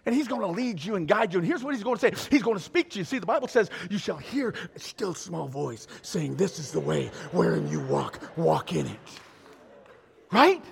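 A man preaching a sermon in a church, animated and exhorting, with call-and-response asides to the congregation. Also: high-pitched, moderate pace, vocal fry. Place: church sanctuary. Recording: long reverb of a large hall.

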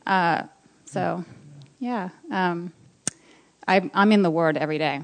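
A woman sharing a personal faith testimony, nervous and emotional, speaking softly with halting restarts. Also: on the low side.

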